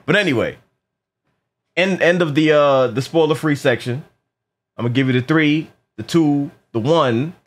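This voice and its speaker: A man with a slightly high voice reviews a movie at a normal speed, chatting casually with plenty of swearing and energy. He repeats words often and performs lines from the film.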